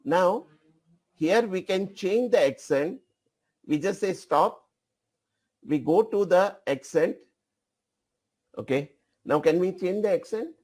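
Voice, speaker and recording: A man leads a software training session, directing an assistant and repeating his phrases as he goes. He speaks slowly with a fairly high but mellow tone. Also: lively intonation. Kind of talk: live software demonstration.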